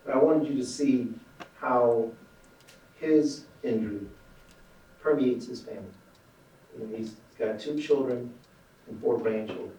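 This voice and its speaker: A man's voice: mid-range voice, unhurried, pauses often, dark tone. A male attorney delivering a closing argument, speaking emphatically to the jury. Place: echoey courtroom. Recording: echoey courtroom recording from far off.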